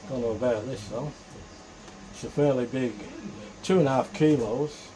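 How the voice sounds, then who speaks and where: A man's voice: mid-range voice, moderate pace, crowd noise. A man cooking at home who chats to his viewers and mutters to himself as he works in his kitchen. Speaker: home cook vlogger. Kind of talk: casual cooking commentary. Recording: noisy background ambience.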